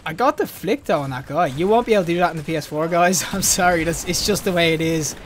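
A young man giving excitable live commentary over his own gameplay, yelping and laughing when things go wrong. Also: on the high side, fast, a little hiss or hum. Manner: excitable, yelps and laughs at deaths. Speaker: gaming YouTuber.

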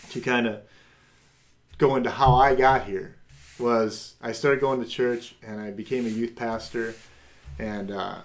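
A middle-aged man hosting a podcast, telling a personal faith testimony and acting out the voices of people in it. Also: measured pace. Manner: animated, acts out quoted voices with big pitch jumps. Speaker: podcast host.

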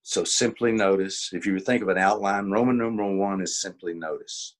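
Sitting low in pitch and talking fairly quickly, an older coach leads a webinar by video call. He explains in a homespun way, acting out examples as he teaches.

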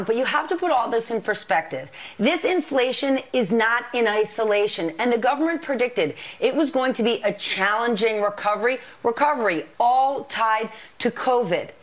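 A woman speaking as a television news anchor, briskly explaining economic figures. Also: a little high, lively intonation.

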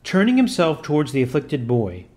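A man narrating a religious story in a measured, solemn reading. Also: on the high side, wildly swooping pitch, darkish tone. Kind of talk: scripted narration.

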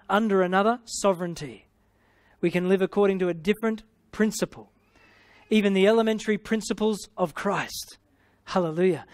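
High-voiced Australian preacher, dry sound. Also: male voice, no room sound. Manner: exclamatory, punctuating with hallelujah and amen; playful, paraphrasing scripture in everyday speech. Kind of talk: sermon teaching.

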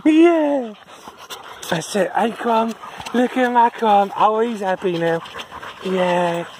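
A woman's voice: mid-range voice, takes it slowly, background noise. A woman walking dogs outdoors, cooing and chuckling at them in a sing-song baby talk for her video diary. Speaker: dog walker. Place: outdoors on a dog walk.

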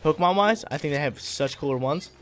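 A man's voice: a little high, quick pace. A man giving casual, hyped gameplay commentary, talking in slang and laughing often.

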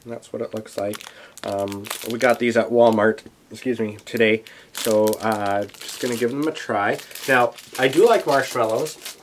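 A man's voice: medium pitch, a little slow, a little hiss or hum. A young man vlogging a taste test, talking in a rambling, chatty way with many asides. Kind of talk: casual chat to camera.

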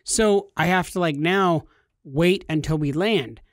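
A man in his thirties, a podcast co-host, telling a funny story casually and jumping into high, shouty voices when he quotes people. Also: measured pace, no room sound, clean studio sound.

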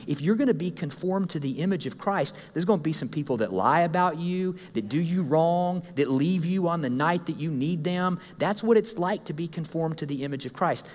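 Male preacher, high-pitched and animated, jokey, lively sermon delivery, church hall reverb. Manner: animated, jokey, acts out listeners' complaints. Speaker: guest speaker. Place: church sanctuary.

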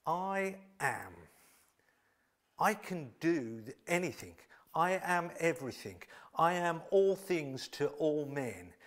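A man delivers a church sermon in a slightly high voice. He sinks into soft, hushed near-whispers and then climbs into loud, excited, cheering exclamations, changing intensity freely as he preaches.

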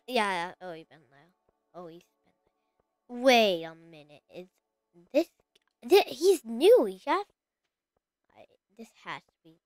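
A woman streamer chatting her way through a game in a high, lively voice that swings up and down. She talks slowly and addresses the on-screen characters directly, breaking into excited exclamations. The sound is dry and close, with faint game music underneath. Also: no room sound. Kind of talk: casual gameplay commentary.

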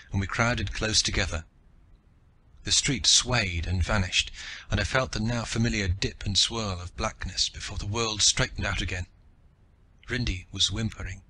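A man reading an audiobook in the first person with a steady, dramatic delivery. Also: lowish voice, a little hiss or hum. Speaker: audiobook narrator.

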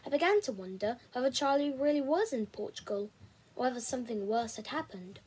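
A woman reading a novel aloud chapter by chapter, in a steady, measured storybook way. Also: fairly high pitch, husky, low-quality recording. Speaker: reader.

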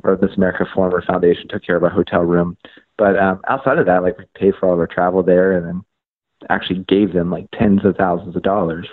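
Low-voiced man on a phone-like line. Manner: animated storytelling, acts out conversations; frequent fillers like "like" and "um". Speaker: podcast guest, media outlet founder. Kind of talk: conversational podcast interview.

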